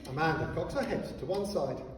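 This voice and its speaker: A man narrating a children's story in an expressive, animated reading style. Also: fairly high pitch, a little fast, recorded from a distance. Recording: echoey hall, voice heard from afar, faint noise.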